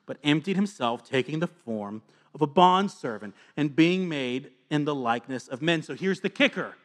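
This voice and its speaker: A man in his thirties preaching a sermon as a pastor, earnest and confessional, moving between hushed asides and fervent appeals. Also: a little high, expressive, unhurried.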